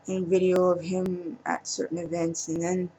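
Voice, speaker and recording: A woman speaking in a personal vlog monologue, halting and emotional, trailing off with pauses. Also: fairly low pitch, flat delivery, warm tone, a little hiss or hum, poor audio. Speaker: vlogger.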